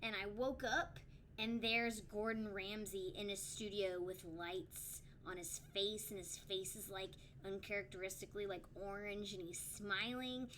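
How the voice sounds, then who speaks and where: A woman's voice: mid-range voice, steady tone, unhurried, fairly bright tone, slight background noise. A young woman co-hosting a livestreamed talk show, telling stories in a loose, rambling way. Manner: rambling storyteller with many fillers and restarts. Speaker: podcast co-host. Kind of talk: casual chat on a livestream.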